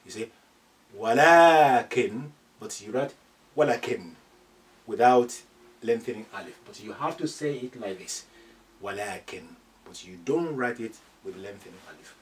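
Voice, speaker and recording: A man teaching beginners Arabic, patiently repeating each phrase slowly for his learners. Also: on the low side, a little mellow, distant mic, a little hiss or hum. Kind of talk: classroom lesson.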